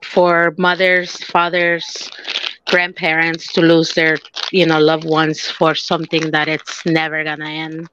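A young adult woman from Mexico with a Mexican accent, co-hosting a casual podcast chat, animated and prone to stumbling restarts. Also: deep voice, unhurried, lo-fi sound, noisy background. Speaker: podcast co-host.

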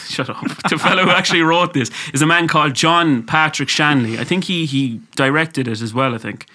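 A man's voice: a little high, brisk, few pauses, pushed and bright. A young man co-hosting a casual podcast, swearing freely and laughing as he talks. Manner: swears freely, laughs through his reading. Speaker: podcast co-host.

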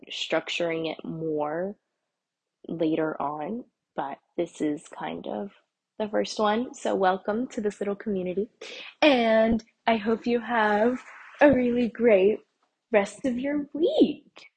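Young female podcast host, low and gravelly, rambling casual chat on an earbud mic. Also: darkish tone. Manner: rambling, chatty, many fillers and restarts. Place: walking indoors. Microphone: earbud microphone.

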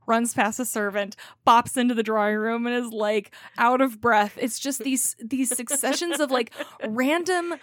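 A woman co-hosting a casual book podcast, retelling scenes in an animated, slangy way. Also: on the high side, measured pace, hardly any pauses, dry recording, clean studio sound. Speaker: podcast co-host. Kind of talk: casual book-club chat with read-aloud passages.

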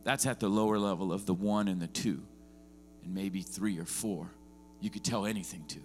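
A man's voice: low voice, moderate pace, faint music behind. A man preaching as a visiting pastor, often rising into emphatic bursts and checking in with the congregation. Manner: lively preaching with rising, emphatic bursts and frequent "are you with me?". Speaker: guest pastor. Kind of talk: sermon. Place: church.

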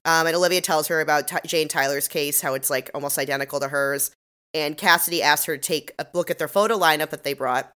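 A woman's voice: low voice, steady tone, fast, sharp tone, clear, resonant tone. A woman co-hosting a podcast, recapping a TV episode in casual chat, laughing often and acting out the characters' lines. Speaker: podcast co-host.

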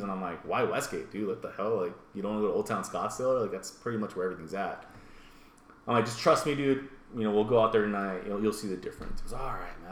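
A man telling a story in casual chat, animated and profane, acting out the people in it. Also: lowish voice. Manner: animated, swears, acts out voices. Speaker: podcast co-host telling a story. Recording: roomy echo, faint room noise.

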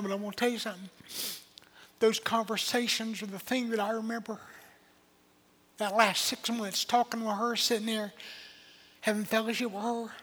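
An older pastor preaches in a folksy, earnest way, telling stories from the pulpit. His voice sits high for a man. It rings out through a reverberant church sanctuary. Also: fairly bright tone. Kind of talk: sermon. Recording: long hall reverb.

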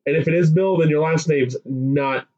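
A man's voice: on the high side, moderate pace, muffled recording. A man co-hosting a podcast in casual, profane, joking banter. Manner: joking, profane, lively delivery. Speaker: podcast co-host.

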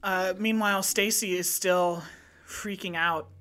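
Bright-voiced woman game master. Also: medium pitch, steady tone, unhurried. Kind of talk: narrating a tabletop game.

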